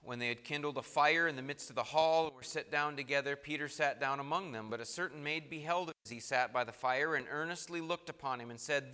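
A male preacher with a bright, forceful voice, reading verses in old-fashioned wording and hammering home each point. His words ring out with a long reverb, as if he stands in a large hall. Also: medium pitch, brisk. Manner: emphatic, rising and falling for stress. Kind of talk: sermon reading scripture aloud.

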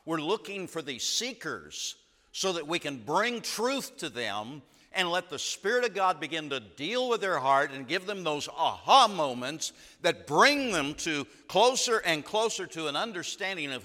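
A man preaching a sermon, telling stories in an emphatic way with dramatic pauses. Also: fairly high pitch, bright, forceful tone, big-room sound.

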